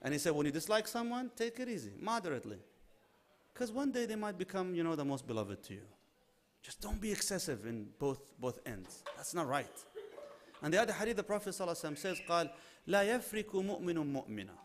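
A man preaching a sermon, animated, acting out little dialogues and mixing in Arabic religious phrases. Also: on the high side, quick pace, a little hiss or hum. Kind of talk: sermon on marriage.

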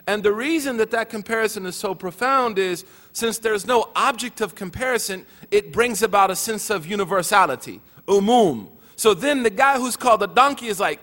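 A man's voice: sits high, expressive, normal speed, a bit bright. A man giving a teaching talk at a religious gathering, mixing joking asides with earnest points, in a hall with a long echo.

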